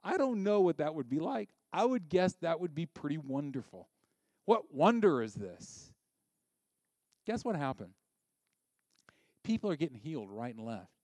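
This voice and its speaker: Animated man preaching a sermon. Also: on the high side, moderate pace, pauses often, no room sound. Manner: animated, dropping to a hushed near-whisper for emphasis. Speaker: pastor.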